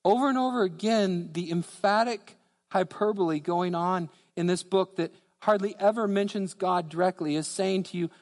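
A man preaching a sermon as pastor, emphatic and repetitive, dropping his voice low to stress key phrases, recorded in a church sanctuary. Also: normal speed. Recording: church hall with long reverb.

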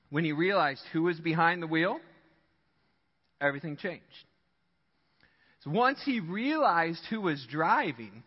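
Lively preacher guy, voice jumps all over, big echoey church, kinda muffled. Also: fairly high pitch. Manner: animated storytelling, laughs often. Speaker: pastor. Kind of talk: sermon. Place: church sanctuary.

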